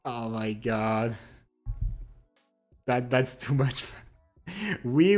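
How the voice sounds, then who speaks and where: A young man with a French accent chats slowly and unhurriedly with his stream audience, his voice sitting a little high. He teases and laughs a lot, stopping and restarting as he hunts for English words, while soft music plays faintly underneath. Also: lively intonation. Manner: laughs often, playful and teasing, speaks English with pauses and restarts. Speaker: live streamer. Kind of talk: casual chat, reading out viewer comments. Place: home streaming setup.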